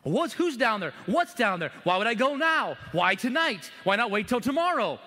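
A middle-aged male pastor preaching a sermon, animated and acting out prayers to God. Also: very high-pitched, moderate pace. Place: church sanctuary. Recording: long hall reverb in a church.

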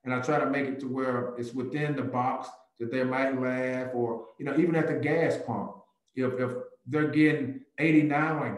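A man, a real estate agent speaking as a guest on a video call, who tells stories lively and acts out little conversations. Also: moderate pace, roomy sound, rough recording. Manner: animated, jumps into a higher voice to act out chats. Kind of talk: lively talk with acted-out dialogues.

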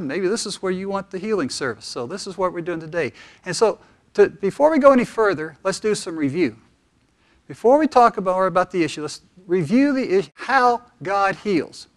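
A male pastor delivers a sermon with lively, conversational storytelling. His voice sits notably high for a man. He moves easily between joke and teaching.

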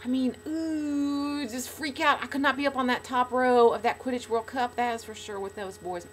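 A middle-aged woman talking casually to fans in a video blog, bubbly and gushing, swinging between loud excitement and soft sincerity. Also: a little high, brisk, a little hiss or hum. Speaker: podcast regular speaking to fans.

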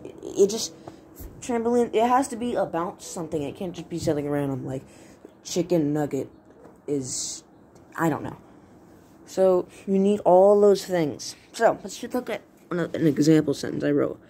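A woman with a low voice explains basic writing in a loose, casual video lesson. She rambles playfully and keeps stopping to correct herself mid-word, with a faint noise behind her. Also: expressive, normal speed, warm tone. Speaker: writing tutorial host.

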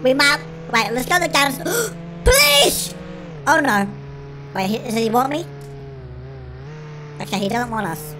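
A performer voicing an excitable cartoon chipmunk in a sped-up chipmunk filter, giving panicky, shrieky game commentary as the channel host. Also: medium pitch, normal speed, long pauses. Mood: excited. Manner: shrieky, panicky, constantly shouting to friends. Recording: noisy game sounds behind.

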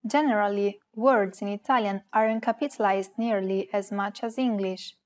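A woman co-hosting a beginner language lesson, reading her parts clearly and carefully. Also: mid-range voice, fairly even intonation, normal speed, a little mellow. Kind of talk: scripted lesson with example words.

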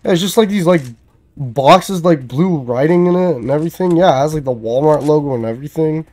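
A man giving casual, excitable gaming commentary, swearing and frantically repeating himself as the action heats up. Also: fairly high pitch, fairly quick. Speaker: gameplay commentator.

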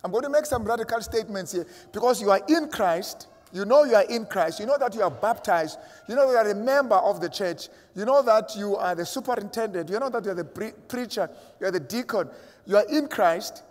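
A man's voice: sits high, animated, a little fast, a little mellow, big-room sound. A man preaching a sermon as a pastor, emphatic and acting out imagined voices of his listeners. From South Africa.

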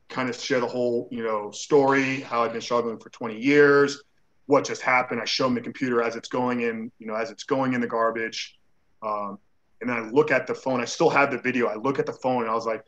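A male guest tells a personal story at an everyday pitch, scattering "like" fillers and acting out the dialogue he quotes. The recording sounds slightly muffled and lo-fi. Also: steady tone, brisk, fairly bright tone. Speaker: interview guest.

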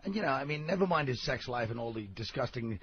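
A man bickering as a guest on a radio show, rapid-fire and mock-outraged, throwing insults. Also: mid-range voice, expressive, highs cut off, slight background noise. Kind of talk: combative comic banter.

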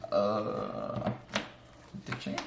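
A young man playing a card game, laughing often and swearing freely as he reacts to the match. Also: extremely slow. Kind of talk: casual chat during a card match. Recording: roomy with loud background noise.

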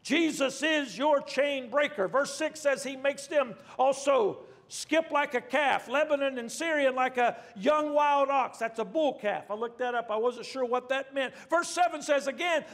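A man's voice: very high-pitched, measured pace, creaky, few pauses, a bit bright, big-room sound. A man preaching a fervent sermon as pastor, repeating phrases and restarting lines.

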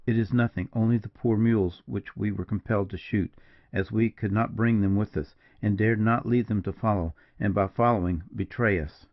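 A man voicing a proud, sharp-tempered young soldier in an audiobook, with a clipped, curt delivery. The recording is dull and lo-fi. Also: lowish voice, steady tone, moderate pace, natural voice. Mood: hushed soothing.

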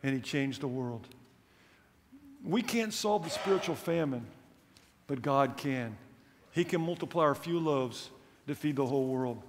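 A man's voice: mid-range voice, animated, a little slow, pauses often, big-room sound, a little hiss or hum. A man preaching a missions sermon in a church, emphatic, with humorous asides and rising questions.

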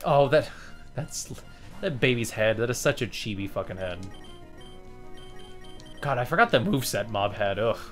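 A man narrating his own gameplay in a loose, swearing, chatty way. His pitch sits mid-range but moves a lot, jumping up when something surprises him. Soft music plays faintly behind. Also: expressive, moderate pace, pauses often. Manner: chatty, profane, easily amused. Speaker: let's play host. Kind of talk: casual gameplay commentary.

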